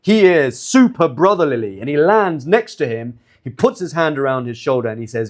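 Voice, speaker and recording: A man's voice: fairly high pitch, lively intonation, moderate pace, few pauses. A man giving a religious lecture in an impassioned, sarcastic manner.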